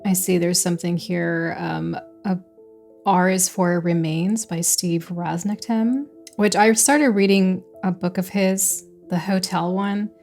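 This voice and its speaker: A woman's voice: on the low side, fairly even intonation, measured pace, vocal fry, a little mellow, faint music behind. Chatty giggly woman unboxing books. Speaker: book vlogger. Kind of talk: casual unboxing chat.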